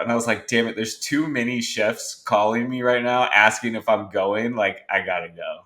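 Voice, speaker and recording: A man hosting a podcast, telling animated stories in casual conversation and acting out the dialogue of the people in them. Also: lowish voice, normal speed, few pauses. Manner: animated storyteller who acts out quoted dialogue. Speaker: podcast host.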